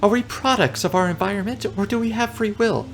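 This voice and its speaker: A man's voice: sits high, a little fast, slight background noise, voice pushed up. A man doing a dreamy giant cockroach lady. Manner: airy, musing.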